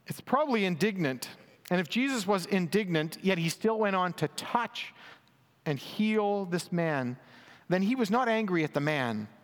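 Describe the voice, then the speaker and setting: A man preaching a sermon, reading and explaining scripture in an earnest, emphatic way, lifting his voice for quoted lines. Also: a little high. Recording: long hall reverb.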